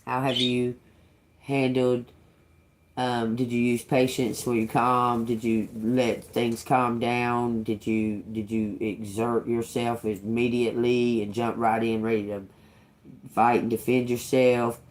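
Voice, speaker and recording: A woman's voice: very deep voice, level tone, takes it slowly, darkish tone. A woman tarot reader in casual spiritual talk to her viewers, rambling and restarting, swearing freely and laughing often.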